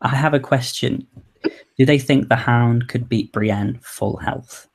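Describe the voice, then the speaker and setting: A man's voice: mid-range voice, a little slow, gravelly, breathy edge. A man hosting a casual chat, talking in an easygoing, conversational way. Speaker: host.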